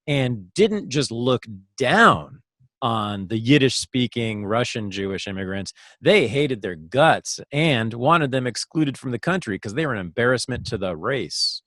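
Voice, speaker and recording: A man's voice: medium pitch, lively intonation, measured pace, a bit bright, no room sound, studio quality. A man hosting a podcast, asking curious questions and thinking aloud in casual conversation. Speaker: podcast host.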